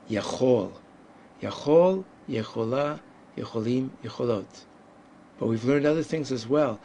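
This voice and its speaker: A man teaching a Hebrew lesson, speaking deliberately and pausing to let learners answer. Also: medium pitch, gravelly, darkish tone, a little hiss or hum. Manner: deliberate, drawn-out pronunciation with pauses. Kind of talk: slow, patient language lesson.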